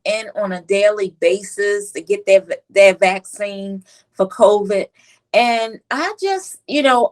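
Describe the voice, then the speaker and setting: A woman's voice: mid-range voice, rough recording. A woman pediatric nurse with a US East Coast accent, telling stories in an interview and acting out children's voices. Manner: animated storyteller, acts out children's voices. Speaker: pediatric nurse and author, guest. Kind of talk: conversational interview storytelling.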